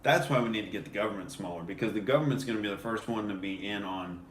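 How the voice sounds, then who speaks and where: A man's voice: fairly low pitch, fast talker. A man hosting a comedy podcast, joking in a casual chat and laughing often. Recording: echoey room, faint hiss.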